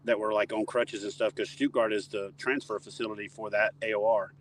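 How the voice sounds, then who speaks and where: A man's voice: lowish voice, fairly quick, slight background noise, low-quality recording. Rambling man telling stories outdoors. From Toledo Bend area, southern US. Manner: animated, rambling, joking. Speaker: interview guest. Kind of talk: casual storytelling. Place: outdoors near a dock.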